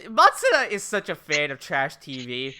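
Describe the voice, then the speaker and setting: A man co-hosts a casual anime recap podcast, playful and quick with his asides and fillers. His voice has a bright edge. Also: on the high side, wildly swooping pitch. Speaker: podcast co-host.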